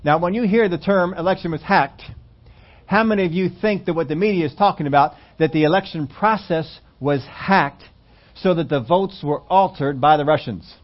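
A man's voice: fairly high pitch, moderate pace, highs cut off. A man preaching a sermon to his church, reading scripture aloud and breaking off into rambling asides. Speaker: pastor.

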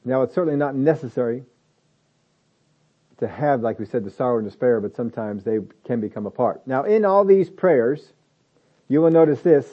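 A man's voice: medium pitch, expressive, moderate pace, highs cut off. A man preaching a sermon in a conversational way, building to emphatic lists.

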